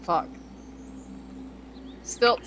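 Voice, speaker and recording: A woman's voice: drawn-out words, background noise. Blunt rules-savvy woman at a tabletop game. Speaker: player. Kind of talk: casual tabletop game chat.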